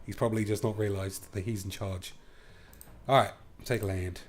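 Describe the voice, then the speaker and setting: Lowish-voiced man, gaming host, cheeky and crude, thinking out loud through a card match. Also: steady tone, moderate pace. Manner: playful and crude, thinking aloud. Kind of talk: live card game commentary.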